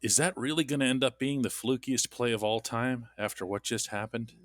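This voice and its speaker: A man's voice: mid-range voice, fairly quick, a bit bright, slight background noise. A man hosting a sports podcast, telling stories in a casual, wry way. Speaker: podcast host.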